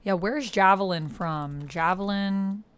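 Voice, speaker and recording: A woman's voice: mid-range voice, slow, smooth. A young woman streamer chatting casually with her viewers and reading their messages aloud. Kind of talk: casual livestream chat.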